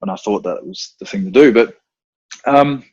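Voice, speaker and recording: A man talking as a podcast guest, blunt and profane, telling animated stories in casual conversation. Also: on the low side, normal speed, husky, no echo, dull audio. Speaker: podcast guest, combat instructor.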